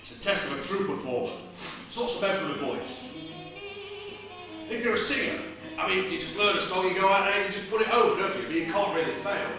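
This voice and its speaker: A man's voice: high voice, animated, fairly quick. An actor playing a famous joking male stage comedian, firing off gags with a chuckling laugh in a stage play. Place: small studio theatre stage. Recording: roomy theatre sound from far off, music.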